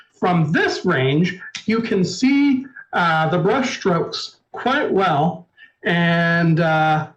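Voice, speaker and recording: A man narrating a tabletop game as storyteller, in a measured, descriptive way. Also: high voice, muffled recording. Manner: measured, descriptive, apologetic asides.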